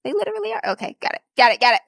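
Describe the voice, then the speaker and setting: A woman's voice: high voice, big pitch swings, rapid-fire, gravelly, fairly bright tone, no room sound, studio quality. A woman playing a tabletop game, laughing often and swearing while checking her character sheet. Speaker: player. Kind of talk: casual tabletop play.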